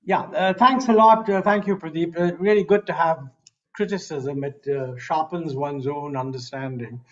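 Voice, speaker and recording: A man with an Indian English accent answering a criticism on a panel, measured with frequent hesitations. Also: a little high, a bit bright, lo-fi sound. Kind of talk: panel discussion.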